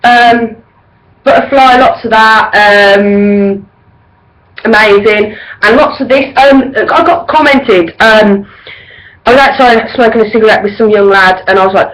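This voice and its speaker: A woman's voice: mid-range voice, unhurried, fairly bright tone, rough recording. A woman in her thirties in a casual to-camera vlog, gushing and rambling through a concert review with lots of ums and likes. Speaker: vlogger.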